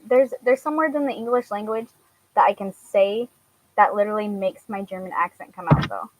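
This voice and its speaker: A young woman from Washington, US, chats casually while answering her viewers, often stopping with fillers. She laughs easily and speaks a little fast in a relaxed, everyday voice of middling pitch, on a low-quality recording.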